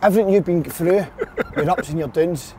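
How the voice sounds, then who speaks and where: A man with a Scottish accent, a former footballer in a casual podcast chat, telling quick stories. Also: a little high, warm tone, a little hiss or hum. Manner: quick, chatty storytelling.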